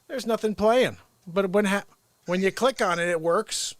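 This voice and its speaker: A man's voice: high voice, very animated, normal speed. A man hosting his own comedy livestream, chatting casually with viewers and rambling off on tangents. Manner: rambling and chatty, trailing off mid-thought.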